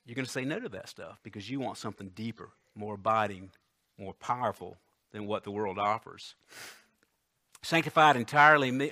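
A man preaching a sermon, emphatic, swinging between loud declarations and hushed asides, reading scripture slowly. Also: medium pitch. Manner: reads scripture aloud slowly and deliberately.

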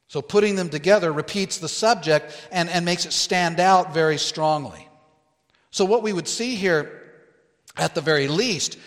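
A man preaching a sermon as pastor, teaching slowly and deliberately and stressing quoted phrases. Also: a little high, a bit bright, long reverb tail.

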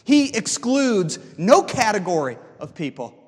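A man's voice: sits high, big pitch swings, measured pace, slightly rough, big-room sound. A man preaching a sermon, explaining scripture and checking in with the congregation with frequent "okay?". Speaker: pastor.

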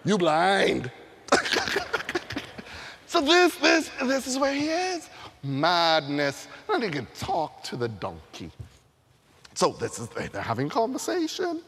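Man, preacher, sermon, animated storytelling with sound effects, slow delivery, reverberant hall. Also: sits high, slight background noise.

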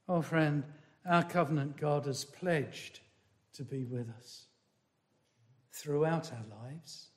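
Guy preaching a sermon, unhurried, high voice, hammers the same lines over and over. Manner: slow and emphatic, swinging from loud to hushed; repeats key words and phrases for stress.

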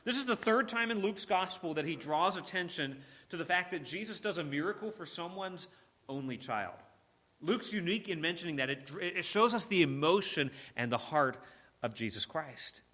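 A man delivers a sermon in a bright, forceful voice pitched a little high. He speaks earnestly and with emphasis, often repeating words and restarting phrases. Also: lively intonation, normal speed. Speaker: preacher.

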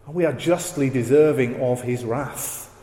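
A man preaching a sermon, slow and emphatic, leaning on repeated phrases. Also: mid-range voice, dark tone. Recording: roomy hall echo.

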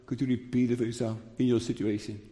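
A man preaching a sermon, slow and emphatic, repeating key phrases. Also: mid-range voice, little pitch movement, warm tone. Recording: long hall reverb.

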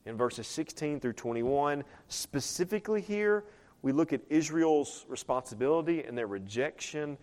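Animated preacher man. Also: on the high side, moderate pace. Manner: animated, acts out quoted voices, dynamic loud and soft swings. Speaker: pastor. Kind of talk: sermon.

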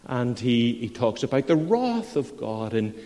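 A man's voice: medium pitch, flat delivery, measured pace, darkish tone. A man preaching a sermon as pastor, reading scripture and then explaining it in earnest, rising emphasis. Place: church. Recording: long church reverb.

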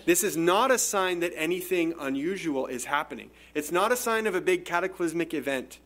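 A man's voice: a little high, animated, fairly quick, a bit bright. A man preaching an expository sermon in a conversational, explanatory way, often restarting phrases. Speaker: pastor.

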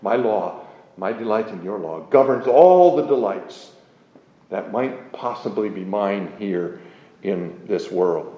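A man preaching a sermon in a slow, measured, emphatic way, explaining a psalm verse by verse. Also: lowish voice, animated, dark tone. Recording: muffled, roomy recording.

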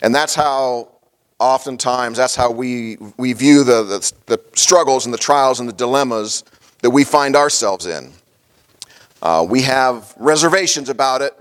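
A man's voice: medium pitch, unhurried, smooth. A middle-aged man, a pastor, preaching a sermon in a folksy storytelling way, with many fillers and small chuckles.

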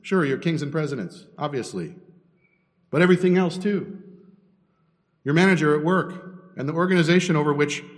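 A man's voice: a little high, normal speed, long pauses. Preaching man in a reverberant hall. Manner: teaching, asks rhetorical questions, builds in emphasis. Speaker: pastor. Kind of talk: sermon.

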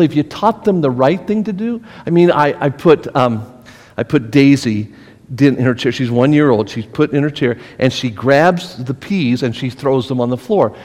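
A middle-aged man pastor leads an interactive Bible study, his fairly high voice rising and falling as he questions the group. He's animated and conversational, his words ringing with a long reverb from the church hall around him.

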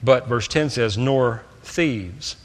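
A man preaching a sermon, swinging between loud, stressed points and quiet asides. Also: medium pitch, slow, in a large hall.

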